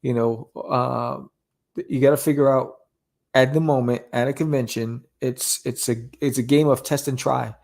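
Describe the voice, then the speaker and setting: A man talking in a casual podcast conversation about selling his comics, animated and ending points with a quick question. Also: medium pitch, vocal fry. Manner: animated, keeps asking "right?". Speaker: comic creator guest.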